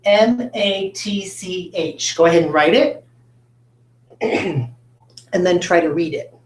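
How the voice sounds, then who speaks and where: A woman teacher leads a recorded phonics lesson in a classroom, upbeat and direct with her students. Her voice sits fairly low. The room around her is echoey, picked up by a camera mic. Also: slow. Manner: upbeat, talks straight to students with frequent checks like "right?". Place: classroom with a whiteboard.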